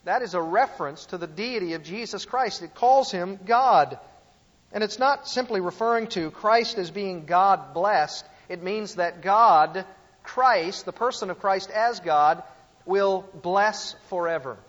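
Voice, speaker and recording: A man's voice: sits high, measured pace, a bit bright, big-room sound, highs cut off. A man preaching a teaching sermon, emphatic, asking his listeners rhetorical questions. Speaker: pastor teaching a series.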